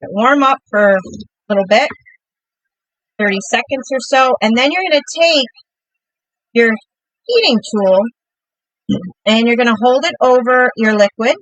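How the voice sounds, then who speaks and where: A woman's voice: on the high side, animated, measured pace, long pauses, a bit bright, no echo, rough recording. A middle-aged woman hosting a live crafting demo, chatty and upbeat, talking through each step while she works.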